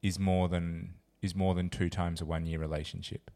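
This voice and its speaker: A man's voice: low voice, little pitch movement, normal speed, warm tone. A man co-hosting a podcast in casual chat, teasing with dry humor and swearing casually. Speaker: podcast co-host.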